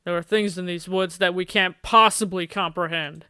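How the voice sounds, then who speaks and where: A man reading as a gruff, deadpan dad. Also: high-pitched, moderate pace, a little hiss or hum.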